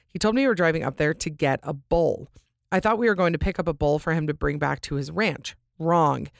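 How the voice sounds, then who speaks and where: A young woman hosting a podcast, reading listener stories and chatting casually, full of "like" and quick jumps in pitch, now and then clearing her throat. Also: dry recording, clean studio sound. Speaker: podcast host.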